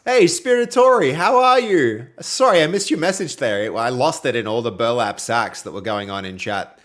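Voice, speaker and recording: A young livestreaming programmer with an Australian accent codes while chatting informally with his viewers, reading their messages out as they come. He speaks at a normal speed in a medium-pitched voice with lively intonation. His manner is friendly and loose, packed with fillers.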